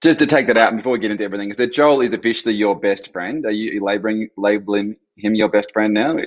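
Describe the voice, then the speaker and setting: Low-voiced stream host. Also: male voice, quick pace, highs cut off. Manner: chatty, reads viewer questions aloud. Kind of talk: live stream chat.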